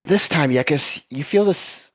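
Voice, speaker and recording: A man running a tabletop game, calmly checking rules, calling for rolls and narrating. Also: a little high, unhurried, dry recording, lo-fi sound. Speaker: game master.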